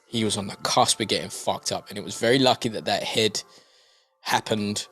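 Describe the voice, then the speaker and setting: A man's voice: on the low side, normal speed, breathy edge. A man co-hosting a podcast, chatting casually and animatedly about boxing, swearing freely and jumping between points. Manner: animated, swearing, jokey with mimicked voices. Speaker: podcast co-host.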